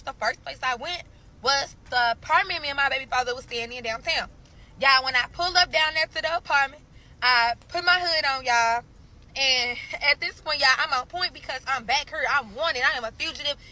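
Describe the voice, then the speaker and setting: Bright-voiced St. woman telling a story. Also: high voice, low-quality recording. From St. Louis, USA. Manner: animated, keeps calling out to listeners, swears freely. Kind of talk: storytime vlog.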